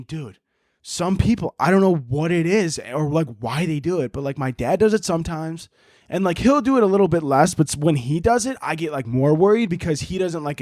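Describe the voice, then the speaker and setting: A young man hosting a casual solo podcast, telling animated stories with lots of swearing and jokes. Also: fairly high pitch, no room sound, clean studio sound. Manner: animated storytelling, swearing, joking. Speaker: podcast host.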